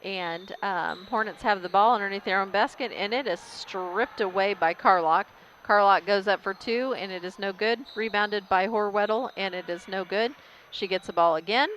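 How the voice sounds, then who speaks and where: A woman calling a school basketball game as a local announcer, casual and hesitant, with frequent pauses and fillers. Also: mid-range voice, fairly bright tone, a little hiss or hum, low-quality recording. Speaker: play-by-play announcer. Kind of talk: local sports commentary.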